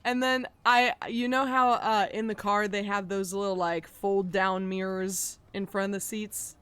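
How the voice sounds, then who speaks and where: A woman streamer in casual chat, rambling through a long story with loose swearing and sudden loud, excited bursts. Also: medium pitch, unhurried, smooth.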